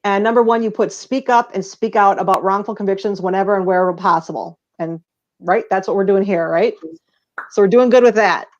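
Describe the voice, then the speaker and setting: A woman hosting an online interview, conversational and brisk as she moves the talk along. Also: mid-range voice, dull audio. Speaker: host.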